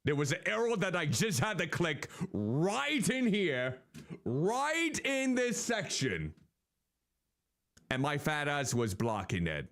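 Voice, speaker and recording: A man's voice: a little high, a bit bright. A male streamer giving chatty, casual commentary while playing a game and thinking aloud.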